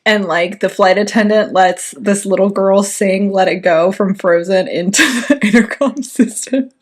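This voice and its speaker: Chatty woman co-host who giggles often, mid pitch, casual podcast talk. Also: measured pace. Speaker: podcast co-host, student pilot. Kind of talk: casual chat.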